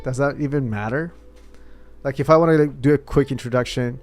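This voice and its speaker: A man's voice: mid-range voice, brisk, darkish tone, faint music behind. A man vlogging and thinking aloud in a casual, hesitant way, often trailing off mid-thought.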